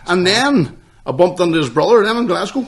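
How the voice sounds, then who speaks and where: Husky man, sweary chat. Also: sits high, a little fast. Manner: swearing, excitable storytelling. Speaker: podcast co-host. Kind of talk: casual chat.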